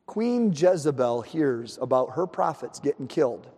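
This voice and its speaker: A male pastor preaching a sermon, telling the story in an animated way and acting out the scenes. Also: mid-range voice, measured pace, husky, big-room sound.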